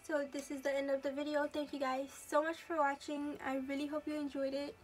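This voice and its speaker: A high-voiced teenage girl chats her way through a makeup tutorial, calling out each step as she works. Her pitch stays fairly level, and soft music plays underneath. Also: level tone, brisk. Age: teens. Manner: chatty, narrates each step as she goes. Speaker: beauty vlogger.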